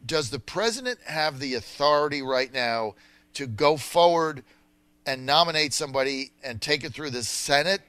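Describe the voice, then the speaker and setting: A man's voice: fairly high pitch, expressive, moderate pace, pushed and bright, smooth, no echo. A man hosting a political talk radio show, delivering emphatic, punchy commentary and promotional reads.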